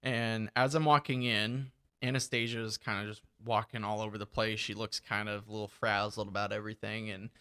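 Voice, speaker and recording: Bright-voiced man joking around. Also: fairly low pitch, level tone, fairly quick, few pauses, clear, resonant tone. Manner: crude, joking banter. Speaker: podcast co-host. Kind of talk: casual podcast chat.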